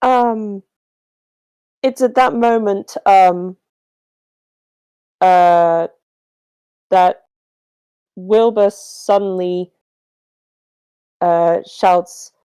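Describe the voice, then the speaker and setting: A woman's voice: medium pitch, steady tone, drawn-out words, pauses often, mellow, clean tone, dry recording, poor audio. A woman playing a tabletop game, hesitant and searching for her words. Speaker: player. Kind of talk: casual game talk.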